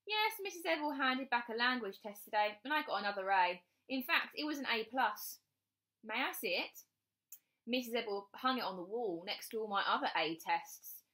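A woman reading aloud and voicing a young schoolboy who makes quick excuses and whines. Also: a little high, lively intonation, pushed and bright, voice pushed up. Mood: fibbing. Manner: quick excuses, whiny protests. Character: schoolboy, fibbing and sulky.

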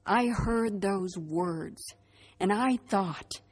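A middle-aged woman recounts her faith testimony in a husky, breathy voice that sits a little high. She tells it as a vivid storyteller, acting out what each person said. At reflective moments she drops to a hushed, soft voice. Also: normal speed. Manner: vivid storyteller who acts out dialogue. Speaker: speaker giving a faith testimony.

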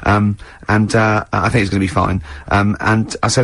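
A man's voice: fairly low pitch, normal speed, fairly bright tone, no room sound. A middle-aged English man hosting a radio show, telling stories with lots of laughter and imitating his friends. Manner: laughing storyteller, mimics friends' voices. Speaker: radio host. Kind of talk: casual radio banter.

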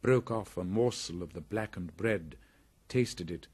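A man reading a classic story aloud as an audiobook narrator, in slow, deliberate storytelling. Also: deep voice, darkish tone, slightly rough.

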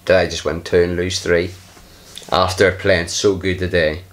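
A man's voice: deep voice, flat delivery, normal speed. A man commenting casually on his own game play, muttering in frustration, sighing and swearing under his breath. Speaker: gaming channel host.

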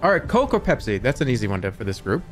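An upbeat man chats with friends while they play a game together, throwing questions to the group. Game music is clearly heard behind him. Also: mid-range voice, sing-song, fast. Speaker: streamer. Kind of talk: casual chat while playing a game.

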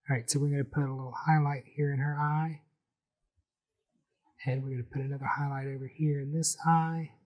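A man calmly talking through a step-by-step painting tutorial, explaining each brushstroke as he goes. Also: a little high. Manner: friendly, unhurried, explains each brushstroke as he works. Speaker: painting instructor.

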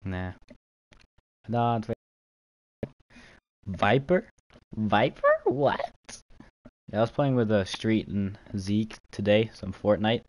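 A man's voice: fairly low pitch, slow pace, pauses often, darkish tone, no room sound, dull audio. A young man streaming a game live, joking and teasing as he chats with viewers and a friend. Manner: joking, teasing, talks to chat.

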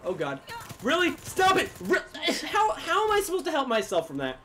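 A man giving live gameplay commentary as a gaming YouTuber, swinging from low muttering to sudden yelling. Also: wildly swooping pitch, a little fast, noisy background.

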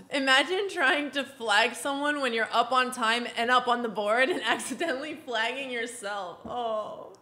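Streamer girl w a sore throat, squealing and laughing, talks slow. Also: a little high, background noise. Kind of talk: casual live-stream commentary.

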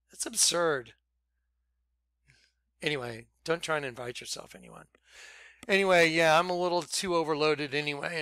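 An animated man preaching informally to his followers, laughing and lurching between loud outbursts and quiet asides. His voice is bright and crisp, pitched a little high, and it sounds close and dry. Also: dry recording. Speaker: ministry leader.

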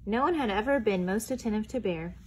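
A woman reading a picture book aloud to preschoolers, expressive and pausing to ask the children questions. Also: medium pitch, a little hiss or hum. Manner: expressive, asks the young listeners questions. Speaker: children's storytime reader.

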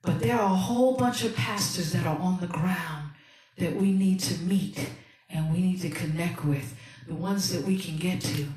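A woman's voice: lowish voice, normal speed, a little mellow. Woman pastor livestreaming, echoey and distant. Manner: soulful, slangy and encouraging, calling out to viewers. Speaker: pastor and host of a livestream ministry. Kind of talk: livestreamed sermon and music ministry. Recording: echoey room, voice from a distance, music playing. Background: music playing.

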